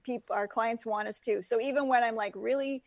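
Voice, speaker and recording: A woman with a fairly high voice talks easily as a guest, stringing thoughts together with lots of filler words. Her tone is breezy and open, and the recording is close and dry. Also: steady tone, normal speed, no echo. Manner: chatty, heavy on fillers like "like" and "you know". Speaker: guest, natural products founder. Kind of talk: casual interview chat.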